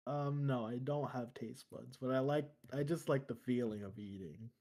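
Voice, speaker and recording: A man playing an easygoing nonhuman ship cook in a tabletop role-play, chatting casually at a middle pitch. He sounds relaxed and a little evasive. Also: moderate pace, lightly acted. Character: cheerful nonhuman ship cook, male, no taste buds.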